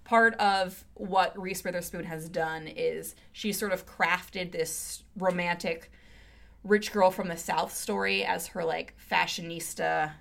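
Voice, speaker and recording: Bright gravelly-voiced woman co-host. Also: fairly low pitch, steady tone, slow pace. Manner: joking, rambling, playful asides. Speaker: podcast co-host. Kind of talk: casual chat.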